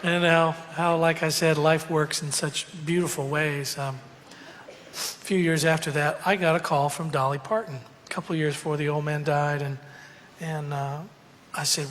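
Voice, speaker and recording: A man's voice: a little high, little pitch movement, moderate pace, a bit bright, long reverb tail, slight background noise. A man telling a rambling, humorous story full of fillers and asides. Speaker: country singer telling a story. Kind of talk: casual storytelling to an audience.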